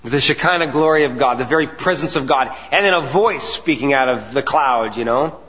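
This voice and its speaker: A man preaching a sermon, with earnest emphasis, deliberate pauses and soft asides. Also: mid-range voice. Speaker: pastor. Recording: dull sound with long hall reverb.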